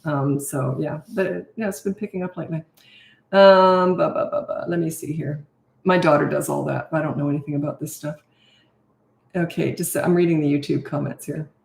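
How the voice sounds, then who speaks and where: A woman's voice: low voice, steady tone, normal speed, gravelly, darkish tone. A middle-aged woman, a parenting coach, answering viewer questions in a blunt, direct way and often adding "okay?" or "right?". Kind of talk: live Q&A, answering viewer comments. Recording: roomy echo.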